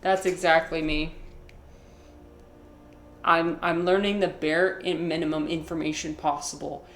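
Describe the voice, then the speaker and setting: Low-voiced woman streaming a game. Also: fairly even intonation, a little slow, fairly bright tone, reverberant, faint music behind. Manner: rambling, playful, self-mocking asides. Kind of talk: casual live gaming commentary.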